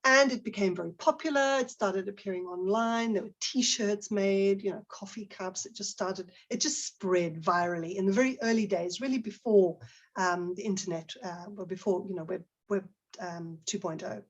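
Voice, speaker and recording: A husky, slightly breathy woman speaking into a computer mic on a video call. She is middle-aged and presents to teachers in a relaxed, conversational way. She throws questions to her audience. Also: mid-range voice, moderate pace, dull audio. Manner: conversational, with many fillers and restarts, asks the audience questions. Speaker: teacher trainer giving a webinar talk.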